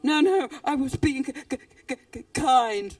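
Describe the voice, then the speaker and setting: A woman's voice: on the high side, very animated, gravelly, darkish tone, dry recording, far from the mic, heavily acted. A woman reading as a squeamish stammering snake. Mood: frightened. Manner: stammering, drawn-out storybook reading. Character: nervous female snake, grumpy and squeamish.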